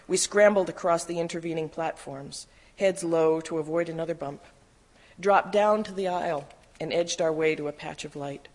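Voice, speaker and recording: A reader steadily narrating a first-person memoir in a measured storytelling voice. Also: medium pitch. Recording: long hall reverb.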